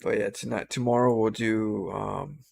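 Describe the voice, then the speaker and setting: A man's voice: on the low side, little pitch movement, normal speed, vocal fry. A tired, yawning man who streams and casts games, talking to his viewers in loose, rambling, unscripted commentary. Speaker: game streamer and caster. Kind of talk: casual game commentary.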